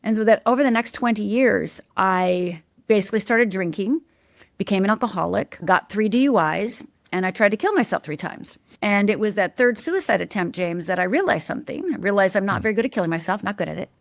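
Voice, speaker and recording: A woman's voice: mid-range voice, animated, a little fast, creaky, no echo. This middle-aged woman is a podcast guest telling her own story. She is candid and emphatic and keeps checking in with her listener. Her voice is recorded dry, with no room sound, and sits in the middle of the usual range for a woman. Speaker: guest, life coach. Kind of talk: personal storytelling in a podcast interview.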